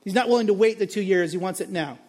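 A man's voice: high voice, quick pace, a little mellow. A male pastor preaching a sermon on a parable, acting out the characters' lines with dramatic emphasis.

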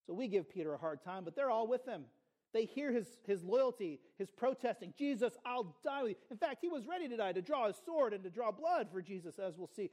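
A man's voice: sits high, big pitch swings, a little fast, a little mellow. A man preaching a sermon as pastor, earnest and conversational, with playful asides to the congregation.

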